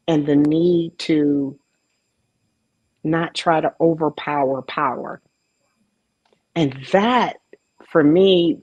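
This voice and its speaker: Low-pitched woman, slow storyteller, host introducing a guest; dry recording. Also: dry recording, low-quality recording. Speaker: panel host, track coach. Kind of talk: event introduction speech.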